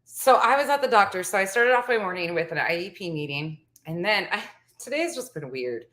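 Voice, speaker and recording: A woman's voice: medium pitch, animated, brisk, a bit bright. Fortyish woman vlogging at home, chatty storyteller, laughs a lot, echoey room. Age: 40s. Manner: chatty, laughs often while telling the story. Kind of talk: casual storytelling chat.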